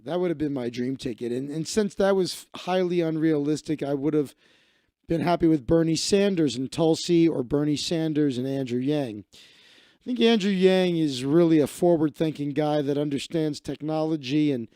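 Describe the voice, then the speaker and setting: A man's voice: on the high side, moderate pace, warm tone, no room sound, studio quality. A man hosting a live stream, rambling and ranting to himself while he browses, swearing freely. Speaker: livestream host.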